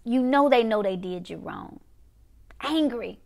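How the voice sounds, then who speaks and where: A woman preaching, emphatic and repetitive, dropping to quiet one-word punches. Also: on the high side, animated, unhurried, creaky. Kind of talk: prophetic preaching to a viewing audience.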